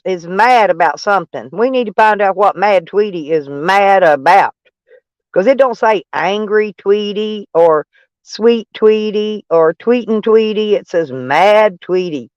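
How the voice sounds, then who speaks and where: A man's voice: high voice, dry recording, muffled recording. A man from Arkansas with a Southern accent hosting a casual live stream, rambling and joking at his own expense while reading viewer comments. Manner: rambling, joking and self-mocking, breaks into laughs.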